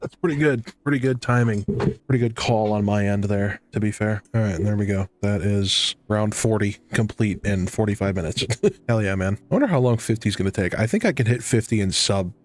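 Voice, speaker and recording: A young man with a low voice chats through his gameplay, wandering from one story to the next. He talks in a loose, self-mocking way and often breaks into laughter. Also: fairly quick. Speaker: gaming YouTuber. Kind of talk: casual commentary while playing.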